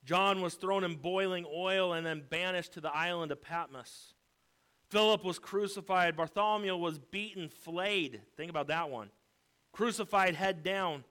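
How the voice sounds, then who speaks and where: High, bright-voiced preacher swinging loud and hushed. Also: male voice, moderate pace, clean tone. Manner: dramatic swings from hushed to shouting; emphatic repetition. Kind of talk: sermon.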